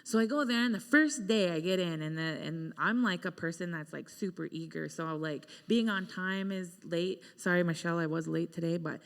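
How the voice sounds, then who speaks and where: A woman's voice: lowish voice, moderate pace, hardly any pauses. A woman singer-songwriter telling a chatty, self-mocking story between songs on a concert hall stage, speaking into a stage microphone. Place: concert hall stage before a live audience. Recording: long reverb of a large hall.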